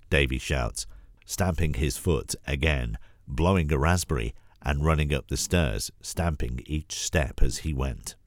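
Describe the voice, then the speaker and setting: A man with a cold reads a storybook, his voice husky and extremely low. He narrates gently and expressively, recorded close in a dead, dry space. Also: animated, a little slow, no echo. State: has a cold. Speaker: voice actor auditioning.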